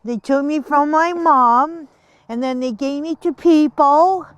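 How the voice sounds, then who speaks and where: A woman's voice: high voice, takes it slowly, no room sound, voice pushed up. A woman voicing a homesick rescued sow. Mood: plaintive. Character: rescued female pig, homesick and wary.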